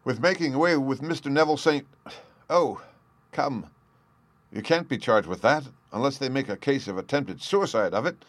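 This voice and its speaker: A man voicing a jovial veteran police inspector who talks heartily and exclaims loudly. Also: mid-range voice, lively intonation, moderate pace, dry recording, lightly acted. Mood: wry. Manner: hearty, chuckling, loud exclamations.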